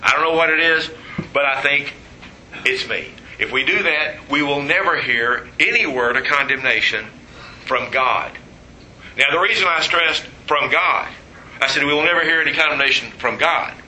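Guy giving a sermon, jokes and acted-out quotes, bright and a bit high, roomy echo. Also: fairly quick, a little hiss or hum. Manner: animated storytelling, quoting voices. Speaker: preacher. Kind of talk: sermon with humor.

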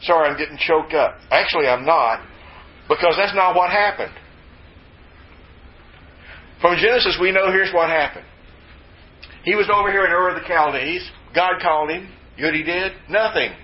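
A man's voice: high voice, normal speed, pauses often. Guy preaching a sermon, jokey folksy asides, kinda muffled lo-fi sound. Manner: folksy, joking asides, lively emphasis. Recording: slightly dull lo-fi recording with faint ambience.

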